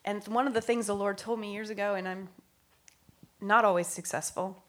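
A woman's voice: medium pitch, steady tone, moderate pace. A woman talking earnestly about faith and prayer, thinking aloud, laughing often and sometimes dropping to a near whisper. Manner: thinks aloud with fillers and restarts. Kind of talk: reflective faith talk.

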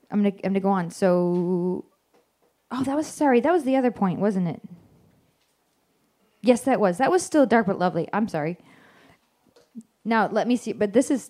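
A woman's voice: fairly high pitch, warm tone. A woman giving an informal devotional Bible teaching, chatty and self-correcting, often acting out the lines she quotes.

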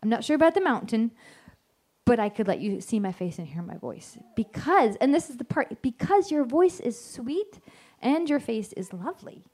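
A woman's voice: a little high, very animated, moderate pace, darkish tone. A woman giving an informal devotional Bible teaching, chatty and self-correcting, often acting out the lines she quotes.

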